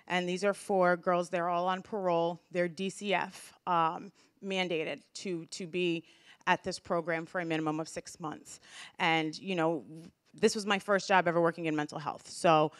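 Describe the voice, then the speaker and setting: A woman's voice: lowish voice, fairly even intonation, moderate pace, no room sound, studio quality. A young woman giving a heartfelt, grateful speech at a community event, emotional and full of restarts. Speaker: community speaker.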